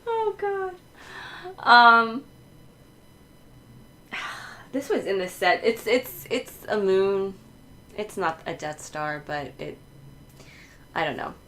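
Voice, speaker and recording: A woman hosting a casual livestream, chatting while she decorates, laughing often and filling pauses with ums. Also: medium pitch, lively intonation, sharp tone, rough recording. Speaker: livestream host.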